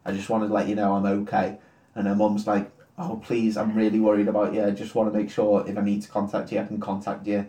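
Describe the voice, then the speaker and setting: A man's voice: fairly low pitch, monotone, warm tone. A man retelling a film plot in a crude, jokey way on a comedy podcast. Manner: crude, jokey storytelling with quick impressions. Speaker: podcast co-host. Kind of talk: casual comedic film recap. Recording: echoey room, distant mic.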